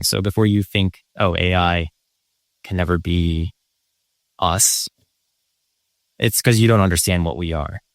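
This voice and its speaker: A man's voice: fairly low pitch, no room sound. Profane ranting man, dry close sound. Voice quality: profane, combative and sarcastic. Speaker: channel host. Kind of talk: ranting monologue.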